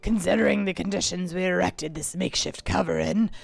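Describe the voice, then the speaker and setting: Casual: gruff old sea captain, a woman putting it on, reading his log slow and steady, gravelly tone, dry close sound. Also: fairly low pitch, no room sound, soft background music, voice pushed down. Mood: grim. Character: weathered male ship captain, grim and determined.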